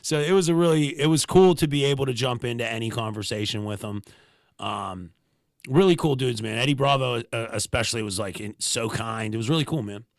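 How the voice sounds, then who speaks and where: A man's voice: mid-range voice, a little fast, gravelly, no echo. A man, a stand-up comedian, chatting casually as a podcast guest, telling loose stories with slangy asides and laughs. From Pittsburgh, USA.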